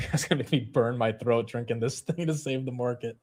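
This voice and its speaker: A man hosting a casual market livestream, excitable and joking, often jumping loud and quick. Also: medium pitch. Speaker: livestream host.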